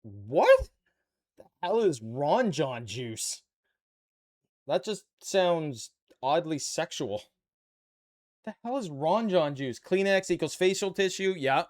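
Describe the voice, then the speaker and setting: A man's voice: a little high, big pitch swings, slow, long pauses, a little mellow. A Canadian man with a Canadian accent, casually chatting and bantering with his viewers while building a model kit on a live stream. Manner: chatty, playful banter with chat.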